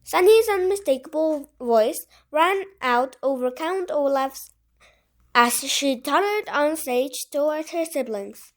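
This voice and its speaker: A woman reading a storybook chapter aloud, expressive and wry. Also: high-pitched. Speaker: audiobook reader. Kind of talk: storybook narration.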